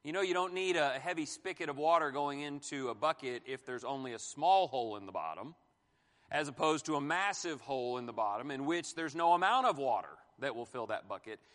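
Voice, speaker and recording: A man in his forties teaching a Bible class on marriage, animated, asking the room questions and joking. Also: medium pitch, a little fast, in a large hall. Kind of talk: sermon-style Bible teaching.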